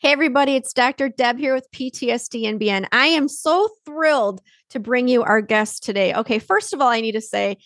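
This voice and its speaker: A woman's voice: high-pitched, expressive, brisk, few pauses, fairly bright tone. A woman with a Midwestern accent hosting a podcast, chatty and upbeat, reading her intro and sponsor message with playful asides. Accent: American Midwestern. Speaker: podcast host.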